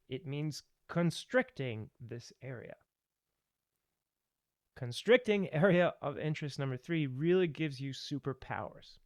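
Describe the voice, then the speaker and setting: Opinionated male voice teacher, crisp. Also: on the high side, darkish tone, dry recording. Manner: opinionated, ranting, emphatic. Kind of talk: tutorial with rants.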